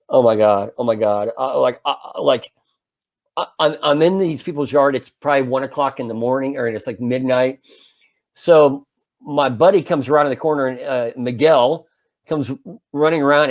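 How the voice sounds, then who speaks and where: A man in his fifties casually telling a long anecdote as a podcast co-host, animated and full of restarts. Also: a little high. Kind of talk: casual storytelling chat.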